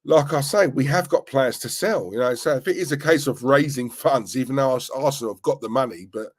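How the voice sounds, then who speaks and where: A man runs a live football stream. He talks in a chatty, earnest way, circling back to repeat his points. His voice sits at an ordinary middle pitch. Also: fairly quick, breathy edge. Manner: earnest, repetitive, chatty, uses fillers like "you know". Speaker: football channel host.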